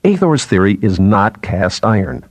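A man's voice: fairly low pitch, big pitch swings, normal speed, darkish tone, no echo. A man voicing a probing male journalist who presses with blunt, challenging questions. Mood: persuasive.

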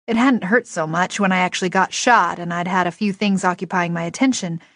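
A woman narrating a first-person novel in a lively, expressive storytelling voice. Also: lowish voice, a little fast, dry recording, clean studio sound. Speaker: audiobook narrator.

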